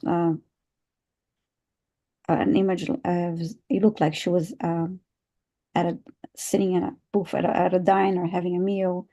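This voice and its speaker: Female co-host, mellow and slow, gentle conversational tone. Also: fairly low pitch. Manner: unhurried, soft-spoken, light laughs. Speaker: psychic reader and co-host. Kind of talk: live-stream casual chat.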